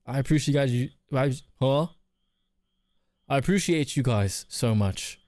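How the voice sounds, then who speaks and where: A man's voice: mid-range voice, animated, a little slow, darkish tone, no room sound. A man hosting a live stream, giving casual advice and reading chat messages aloud with a joking manner. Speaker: streamer host.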